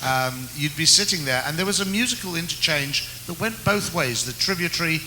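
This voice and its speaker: A man's voice: fairly high pitch, animated, a little fast, bright, forceful tone, slight background noise, low-quality recording. A man interviewing a guest, asking long, winding questions with fillers.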